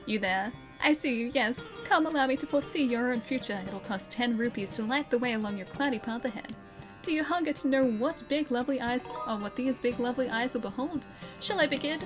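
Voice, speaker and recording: A woman's voice: on the high side, fairly quick, music in the background, close to an everyday voice. A woman with an Australian accent reading the lines of a goofy older male fortune teller from a game, with theatrical, mystical phrasing.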